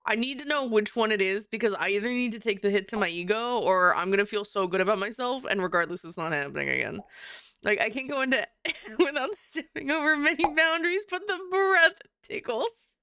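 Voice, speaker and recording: A young adult woman chatting casually with her live-stream viewers, giggly and animated, swearing now and then. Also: fairly high pitch, brisk, clear, resonant tone, dry recording, studio quality.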